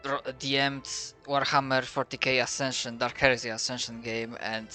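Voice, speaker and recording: Bright-voiced non-native game master. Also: male voice, medium pitch, flat delivery, normal speed, hardly any pauses, faint music behind. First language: not English. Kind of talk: casual chat before a tabletop game.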